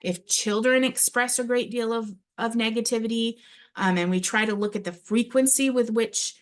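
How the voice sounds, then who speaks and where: A woman trainer giving a recorded training presentation, speaking hesitantly with frequent ums and restarts. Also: mid-range voice. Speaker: early childhood classroom observation trainer.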